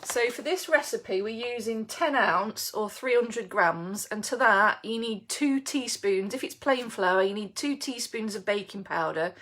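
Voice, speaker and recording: A woman's voice: a little high, lively intonation, unhurried, hardly any pauses, a bit bright. A woman who runs a bakery shop, hosting a chatty live baking demo, reading out viewer comments and laughing easily. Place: home kitchen.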